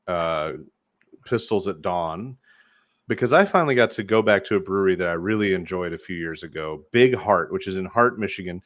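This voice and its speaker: A man's voice: deep voice, lively intonation, a little fast, dry recording, studio quality. A man co-hosting a podcast, chatting casually and playfully about beers, swearing freely. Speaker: podcast co-host. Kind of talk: casual chat, beer review.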